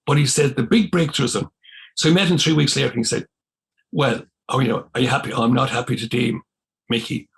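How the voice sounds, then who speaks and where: Gravelly older Irish man telling stories. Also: medium pitch, fast talker. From Ireland. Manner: animated storyteller, acts out quoted dialogue. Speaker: podcast guest, former missionary priest. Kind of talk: storytelling in conversation.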